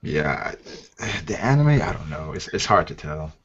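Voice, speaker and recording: A man hosting a casual group chat over a call, animated and often laughing as he steers the talk. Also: extremely low pitch, moderate pace, slightly rough. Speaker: podcast host. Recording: muffled lo-fi call audio.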